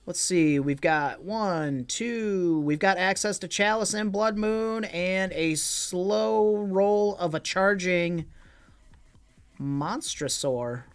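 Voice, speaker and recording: A man's voice: high-pitched, slow pace, clean tone, soft background music. A man casually commenting on his own online card game as a streamer, joking with chat and swearing freely.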